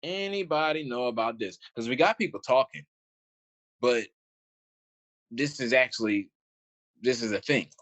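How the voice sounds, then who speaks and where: A man's voice: mid-range voice, a little slow, pauses often, fairly bright tone, low-quality recording. A man doing casual, indignant commentary as he reads old documents aloud, rambling and restarting, with informal speech full of "y'all". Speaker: online commentator.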